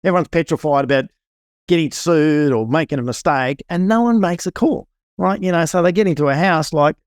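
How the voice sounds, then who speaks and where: A middle-aged man, a property inspector guest on a podcast interview, telling animated stories and acting out quotes. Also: fairly high pitch, fairly quick, smooth, no echo, studio quality. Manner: animated storytelling, acts out quotes.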